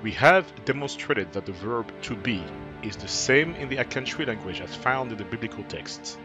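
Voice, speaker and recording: A man giving scripted narration for a teaching video, measured and explanatory, with his voice slowing on key words. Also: medium pitch, lively intonation, music in the background. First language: not Twi.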